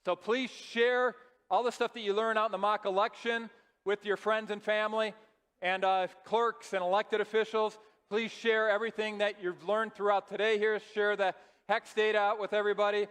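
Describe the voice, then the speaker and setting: High-voiced man with smooth, resonant tone. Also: little pitch movement, moderate pace, fairly bright tone, long reverb tail. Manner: earnest, urging the audience. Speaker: presenter. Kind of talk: closing remarks at a live event.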